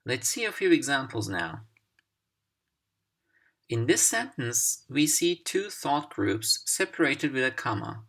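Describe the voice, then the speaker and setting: Slow, deliberate male English teacher. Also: mid-range voice, very animated, fairly bright tone. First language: Turkish. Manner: slow, deliberate and clearly articulated. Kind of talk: instructional video lesson.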